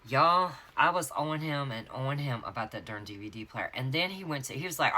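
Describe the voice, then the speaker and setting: A woman's voice: very deep voice, lively intonation, pushed and bright. A woman with a Southern US accent telling a long, chatty story in a casual vlog from her home craft office. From North Carolina, USA. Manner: chatty, laughing, drawn-out storytelling asides. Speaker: planner vlogger. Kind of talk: casual storytelling chat while decorating a planner.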